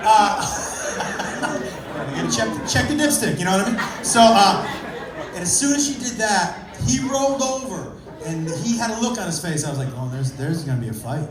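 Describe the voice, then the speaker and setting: A male stand-up comedian telling a rowdy, profane story on stage, acting out voices and breaking into shouts. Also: high-pitched, expressive, fairly quick, heavy background noise. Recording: echoey club, live crowd laughing. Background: crowd laughter.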